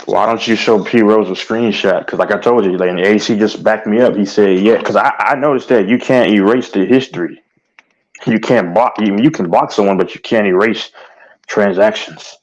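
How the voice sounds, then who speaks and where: A man's voice: on the low side, moderate pace. A man from Texas in casual podcast chat, laid-back and often restarting his sentences. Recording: dull lo-fi recording.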